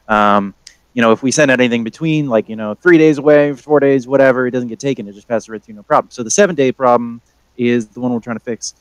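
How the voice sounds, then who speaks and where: A man's voice: medium pitch, quick pace, clean tone, dry recording, natural voice. A man voicing a blunt male trade official who rambles and repeats himself in an offhand way.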